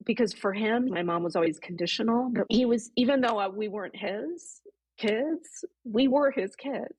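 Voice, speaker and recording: A woman's voice: a little high, moderate pace, slightly rough, poor audio. A woman, a podcast guest, earnestly retelling an emotional personal story and voicing her own past thoughts. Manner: earnest, animated retelling with quoted inner thoughts.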